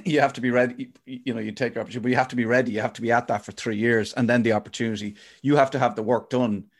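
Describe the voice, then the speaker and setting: A man's voice: mid-range voice, fairly even intonation, rapid-fire. A man hosting a podcast, talking casually and rambling with many restarts. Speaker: podcast host. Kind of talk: casual chat.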